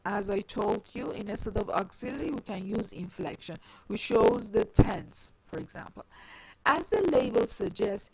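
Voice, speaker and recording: A woman's voice: mid-range voice, a little mellow, husky, poor audio. A woman lecturing on syntax, explaining tree diagrams step by step and often restarting with "I mean". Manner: halting, with frequent "I mean" restarts. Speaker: linguistics lecturer. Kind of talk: recorded grammar lecture.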